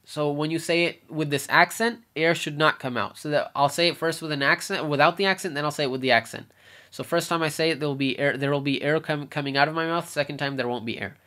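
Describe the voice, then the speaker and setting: A young man giving a casual lesson on letter sounds, repeating each sound slowly to demonstrate it. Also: on the high side, bright, forceful tone. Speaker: Arabic letters teacher.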